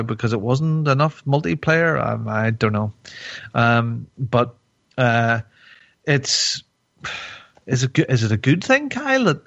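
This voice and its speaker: A man's voice: medium pitch, a bit bright, dry recording, muffled recording. Rambling, joking man podcast host. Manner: rambling, joking, with frequent fillers and restarts. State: tipsy from wine. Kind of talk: casual chat.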